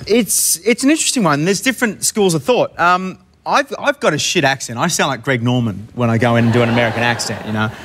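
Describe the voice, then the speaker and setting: A man's voice: mid-range voice, quick pace, few pauses, fairly bright tone, slight background noise. Rambling Australian man, actor guest. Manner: rambling, repeats words. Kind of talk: casual chat.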